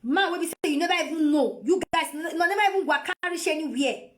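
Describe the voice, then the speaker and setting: A woman's voice: high-pitched, fast, fairly bright tone. A Nigerian woman on a phone live video, lecturing her viewers in a scolding, repetitive way. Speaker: vlogger.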